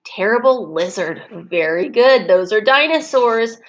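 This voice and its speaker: A woman leads preschoolers through an online circle time, speaking slowly and encouragingly and drawing out words so the kids can clap the syllables. Her voice is medium in pitch and animated, and the audio quality is poor.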